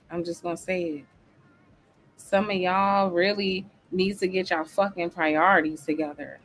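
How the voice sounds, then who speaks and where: A woman's voice: mid-range voice, a bit bright. A woman hosting a livestream talk show, ranting bluntly and heatedly with heavy swearing and answering the live chat. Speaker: host.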